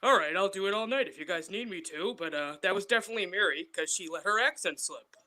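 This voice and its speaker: A woman faking a gruff man's voice. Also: animated, fast talker, bright, forceful tone. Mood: casual. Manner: low gruff put-on man's voice. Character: gruff man dodging bill collectors.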